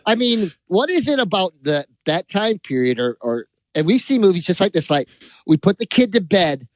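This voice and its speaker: A man co-hosts a casual podcast, retelling movie scenes in a loose, jokey way. His voice sits a bit high and swings widely. The recording is dry and close. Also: moderate pace, no room sound. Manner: animated storytelling, jokey. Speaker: podcast co-host. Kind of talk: casual chat.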